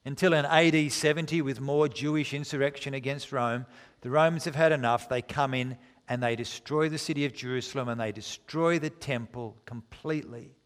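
A man preaching a sermon, reading scripture aloud with dramatic, deliberate pacing and slowing down for emphasis. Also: mid-range voice, steady tone, clear, resonant tone, big-room sound.

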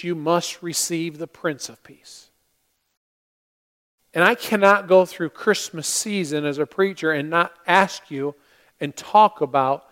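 A male pastor delivering a Christmas-season sermon in earnest tones, with dramatic pauses, telling a story with acted-out voices. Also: a little high, fairly bright tone. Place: church sanctuary.

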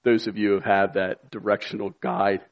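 A pastor preaching a sermon with earnest conviction, building to emphatic, shouted appeals. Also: male voice, fairly low pitch, little pitch movement, moderate pace, highs cut off.

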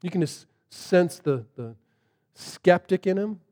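A man's voice: high-pitched, expressive, slow pace, dark tone, big-room sound. A man preaching a sermon, telling the story casually and animatedly, with plenty of fillers. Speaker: pastor.

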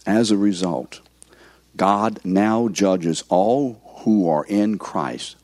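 A man's voice: on the low side, drawn-out words, a little mellow, no room sound. A man in his seventies, a pastor giving an interactive sermon who keeps asking the congregation questions.

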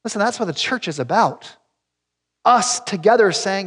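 A man's voice: sits high, expressive, normal speed, fairly bright tone, husky, in a large hall. A man preaching a sermon as pastor, talking to the congregation in a direct, conversational and emphatic way. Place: church sanctuary.

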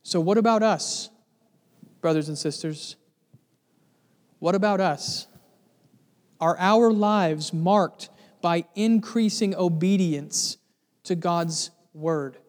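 A man's voice: high-pitched, slow, pauses often, darkish tone, long reverb tail. A man preaching a sermon as pastor, earnest and building to emphatic lists of words.

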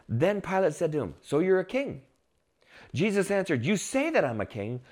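A man preaching a sermon, reading scripture and acting out the crowd's shouts with dramatic swings. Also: high-pitched, very animated, normal speed. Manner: reads scripture aloud. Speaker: pastor.

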